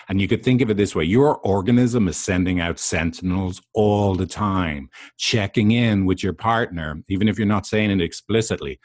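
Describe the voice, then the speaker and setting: A man's voice: sits low, normal speed, hardly any pauses, a little mellow, dry recording, studio quality. A man talking as a couples therapist, explaining in a conversational way and often checking in with the listener. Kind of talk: explanatory talk to camera.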